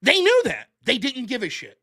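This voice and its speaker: High-voiced guy ranting on his show, sarcastic and swears a lot. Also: wildly swooping pitch, moderate pace, sharp tone. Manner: blunt, profane, sarcastic. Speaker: show host. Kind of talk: political commentary rant.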